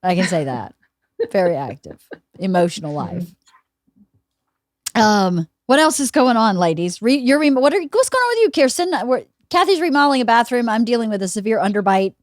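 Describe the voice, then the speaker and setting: A woman's voice: fairly high pitch, moderate pace. A woman in her forties hosting a podcast, telling stories in a casual chat and laughing often. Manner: animated storytelling, laughs a lot. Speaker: podcast host.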